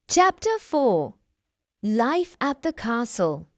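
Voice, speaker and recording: Female narrator for a graded reader; clear, deliberate, slightly high. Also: expressive, darkish tone, no room sound, muffled recording. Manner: clear, deliberate reading for learners.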